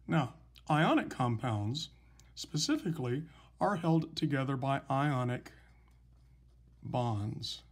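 A man teaching a recorded chemistry lesson, explaining patiently and slowly with some fillers. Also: medium pitch. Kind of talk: recorded lecture, writing examples.

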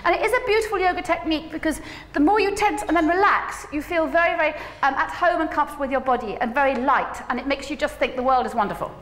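A woman giving a conference keynote, animated and humorous, coaxing the audience to join in. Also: high-pitched, quick pace, hardly any pauses. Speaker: keynote speaker. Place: large conference hall. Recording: echoey hall, faint ambience.

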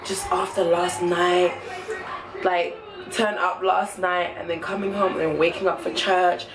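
A woman's voice: on the low side, flat delivery, unhurried, a crowd in the background, low-quality recording. A tired young woman in her twenties, chatting casually and expressively to a handheld camera for her vlog. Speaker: vlogger. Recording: loud background noise, passing traffic. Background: loud ambient noise and vehicles.

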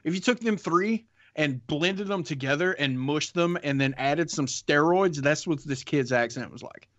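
A man's voice: a little high, a bit bright, no room sound, dull audio. A man in his thirties with a Southern US accent, chatting on a podcast and rambling with lots of restarts. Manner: rambling, halting with many restarts. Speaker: podcast co-host. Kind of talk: casual podcast chat.

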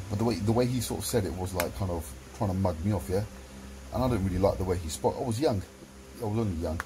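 Blunt, low-voiced man. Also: noisy background. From London. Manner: blunt and heavy with swearing. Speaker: vlogger. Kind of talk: casual monologue to camera.

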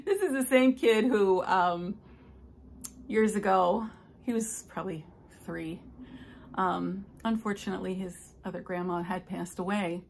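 An older woman, a stitching vlogger, chatting casually and telling rambling stories with soft asides. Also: medium pitch, unhurried, creaky, a little hiss or hum. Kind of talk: casual chat.

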